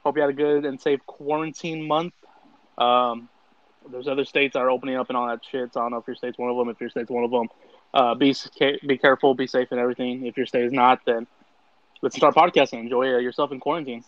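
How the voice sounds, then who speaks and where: A man co-hosting a casual podcast, easygoing and loose as he runs the show. His voice sits in an ordinary middle pitch. The recording is dry and a touch lo-fi. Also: steady tone, fast, no echo. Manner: laid-back, easygoing, loose. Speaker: podcast co-host. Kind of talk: casual chat.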